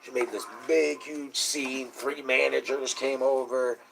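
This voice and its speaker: A man's voice: medium pitch, level tone, unhurried, creaky, crowd noise. A man telling a long, profane, indignant story in casual talk. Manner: indignant, profane, rising to shouting. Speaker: host.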